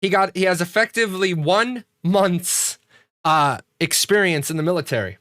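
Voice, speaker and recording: A man from the United States chatting casually on his stream, a profane storyteller who rants and restarts his sentences. His voice sits a bit high and sounds bright and forceful. The recording is close and dry, with no room around it. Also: normal speed, no room sound. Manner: rambling with frequent restarts. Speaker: streamer hosting a game community show. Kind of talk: casual livestream chat.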